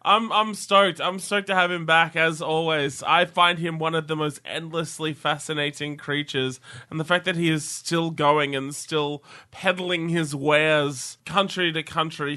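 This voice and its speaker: A man's voice: on the high side, pushed and bright. A man on a podcast, enthusiastic and joking, swearing freely. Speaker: podcast co-host. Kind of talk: casual podcast chat.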